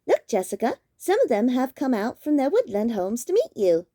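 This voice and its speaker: A woman voicing a friendly pink female loch monster in a storybook reading, in a high, sing-song, gentle voice. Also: wildly swooping pitch, moderate pace, exaggerated voice. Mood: cheerful. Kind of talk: storybook character voice.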